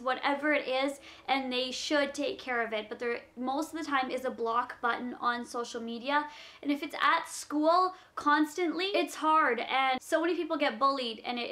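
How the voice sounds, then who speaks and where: A young woman speaks directly to her viewers in a casual Q&A vlog, reading each question aloud before giving earnest, practical advice. Her voice is high and light, with a sharp tone.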